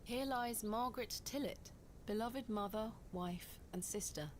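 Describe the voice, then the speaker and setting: A woman with a British accent voicing a composed female investigator in a video game, speaking in a measured, reserved way. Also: on the high side, crowd noise, lightly acted. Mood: calm. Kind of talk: video game character dialogue.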